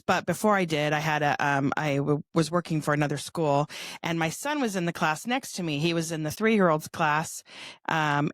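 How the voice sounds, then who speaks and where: A woman's voice: lowish voice, no room sound. A woman in her fifties from California tells stories in a loose, chatty way. She laughs often and slips into other people's voices as she goes. The sound is dry and close. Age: 50s. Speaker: guest author. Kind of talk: casual interview storytelling.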